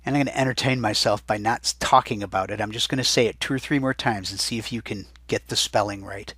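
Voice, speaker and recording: A man with a husky, bright voice and a fairly low pitch, giving a chatty recorded vocabulary lesson. He repeats each word slowly, as if for dictation. The sound is close and dry. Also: dry recording. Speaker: Spanish teacher.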